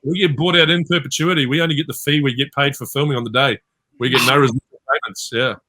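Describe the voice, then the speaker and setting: A man's voice: medium pitch, fairly even intonation, fast talker, bright, forceful tone. A man with a New Zealand accent, chatting as a guest on an online fan panel and telling stories that act out what people said to him. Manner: chatty storyteller, acts out quoted lines. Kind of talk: casual panel chat over video call.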